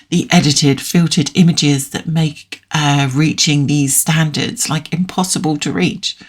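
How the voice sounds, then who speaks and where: A woman's voice: low-pitched, darkish tone. A woman, a life coach hosting her own podcast, talking in a frank, chatty way with fillers and self-corrections. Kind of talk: solo podcast talk.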